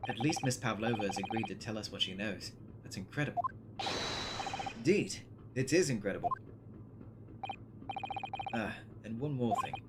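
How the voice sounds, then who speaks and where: A woman's voice: rumbling low, lively intonation, normal speed, pauses often, very noisy, voice pushed down. A woman putting on a pompous British detective. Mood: smug.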